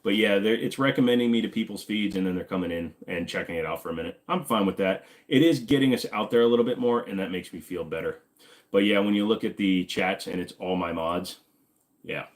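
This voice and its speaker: A man hosts a casual livestream chat in a low voice. He reads the chat and answers viewers in a loose, joking way. His dry sarcasm often breaks into sudden high exclamations. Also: fairly quick. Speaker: livestream host.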